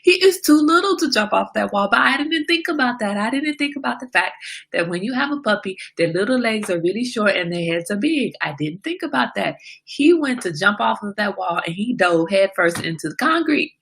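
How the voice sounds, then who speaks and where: A woman hosting a casual livestream who tells a story with animated delivery, greeting viewers and answering their comments along the way. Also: medium pitch, a little fast. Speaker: livestream host.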